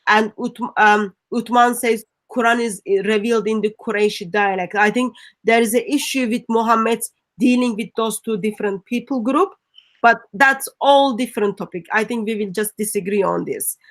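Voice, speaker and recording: Woman co-host, earnest and firm, fairly high voice. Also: normal speed. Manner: earnest, firm, with restarts and non-native grammar. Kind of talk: live discussion stream.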